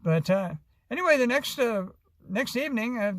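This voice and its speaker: A man's voice: very high voice, expressive, normal speed, a bit bright, dry recording. A man from Arizona, telling a long, rambling story with many fillers and restarts in a casual vlog. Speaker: vlogger.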